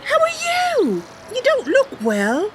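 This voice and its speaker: A woman voicing a sweet, eager young elf woman who dreams of becoming a knight, talking in a bright, earnest, wide-eyed way in a game role-play. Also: extremely high pitch, wildly swooping pitch, slow, heavy background noise, voice pushed up, heavily acted.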